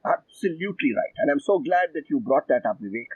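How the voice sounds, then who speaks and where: A man's voice: on the high side, expressive, brisk. An older man with an Indian English accent, an executive coach answering interview questions emphatically. He sets out points in lists and acts out other people's quotes. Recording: dull muffled dry sound.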